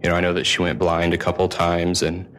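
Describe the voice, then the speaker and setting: A nervous young man giving a personal testimony at a conference, halting and soft-spoken with ums and restarts. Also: deep voice, completely flat delivery. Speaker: conference speaker.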